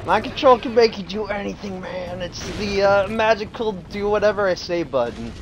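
A sleep-deprived man giving excitable let's play commentary, prone to sudden exclamations. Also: high-pitched, moderate pace, crowd noise. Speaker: gameplay commentator.

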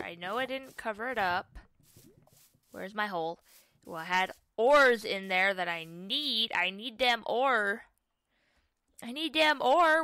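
A woman's voice: mid-range voice, sharp tone, smooth, no room sound. A young woman casually commenting on her own survival gameplay, chatty and self-mocking, often exclaiming at what happens. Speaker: gaming YouTuber.

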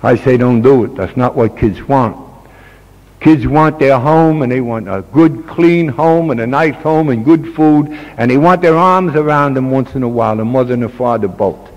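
A man's voice: mid-range voice, moderate pace, darkish tone. A plain-spoken older man addresses a meeting, earnest and folksy, his words carrying a long reverb through a hall. The sound is dull and muffled, like an old tape converted to digital. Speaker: recovery meeting speaker. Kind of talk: personal talk to a meeting.

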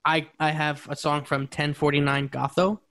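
A man's voice: fairly high pitch, level tone, moderate pace, fairly bright tone. A young man co-hosting a podcast, chatting casually and joking with lots of laughter. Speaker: podcast co-host. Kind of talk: casual chat.

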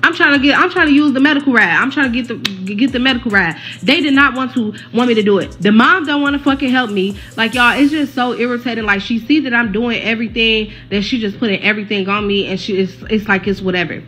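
A woman's voice: fairly high pitch, fast talker, hardly any pauses, sharp tone, faint music behind. A woman, talking bluntly and heatedly straight to her viewers in a casual vlog update, swearing freely. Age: 20s. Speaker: social media creator caring for a neighbor's child.

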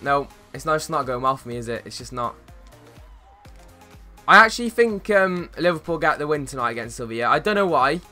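A young man livestreaming a football video game, talking in a slangy, easygoing way to his chat. His voice sits a little high and comes across bright and forward. Faint music plays behind him. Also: a little fast. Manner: chatty, slangy, greets viewers, bursts of excitement at plays. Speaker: gaming streamer. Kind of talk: casual live-stream chat while playing.

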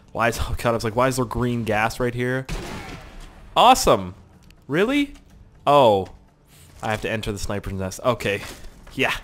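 A young man doing rambling, joking let's play commentary, swearing often as he plays. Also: mid-range voice. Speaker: gaming YouTuber.

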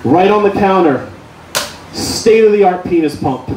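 Brief: male stand-up comic, animated and profane; roomy club sound with audible crowd noise. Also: high-pitched, fairly quick, far from the mic. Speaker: comedian. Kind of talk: stand-up storytelling. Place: comedy club stage.

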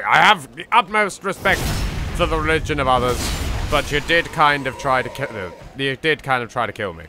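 A young English man commenting on his own gameplay with theatrical jokes, dropping to hushed asides and bursting into loud yelps. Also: medium pitch, lively intonation, normal speed, a little hiss or hum. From England. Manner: theatrical, jokey, swings between hushed asides and loud outbursts. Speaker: let's play host. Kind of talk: game commentary.

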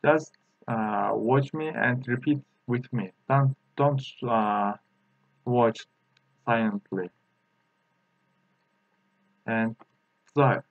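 A man teaching a language lesson, a Turkish native speaker, talking in a halting way with many fillers and repeating sounds slowly for practice. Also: mid-range voice, gravelly, no echo, narrow, tinny audio.

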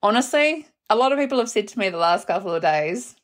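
A young adult woman, hosting her own podcast and telling a personal story in a chatty, animated way, laughing and swearing casually. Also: medium pitch, fairly quick. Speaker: podcast host.

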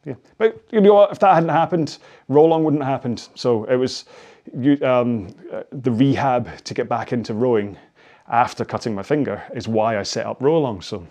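A Scottish man in his forties talks viewers through cool-down stretches after a rowing workout. He is casual and chatty, wandering off into asides and poking fun at himself. His voice sits at an ordinary middle pitch. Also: moderate pace, mellow. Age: 40s. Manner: chatty, self-deprecating, rambling asides. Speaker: indoor rowing coach.

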